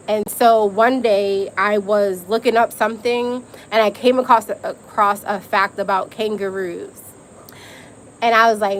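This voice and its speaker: A woman's voice: mid-range voice, moderate pace, a little hiss or hum, poor audio. A young adult woman hosting a live stream, telling stories in a candid, emphatic way with slang and profanity. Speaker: host. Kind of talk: casual live-stream chat.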